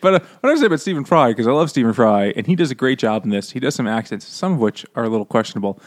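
A man's voice: medium pitch, lively intonation, no echo, studio quality. A man co-hosting a casual podcast chat, joking and swearing freely and laughing often. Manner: profane, joking, quick to laugh. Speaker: podcast co-host.

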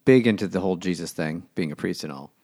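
A man co-hosting a casual comedic book chat, retelling the story in a wry, deadpan way. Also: sits low, quick pace, dry recording, clean studio sound. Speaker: podcast co-host.

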